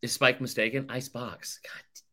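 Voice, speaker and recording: A man co-hosting a casual podcast, ranking films with strong, animated opinions. His voice is bright and forceful, with plenty of swearing. He jumps into big outbursts of disbelief. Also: medium pitch, measured pace. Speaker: podcast co-host. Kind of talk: casual chat.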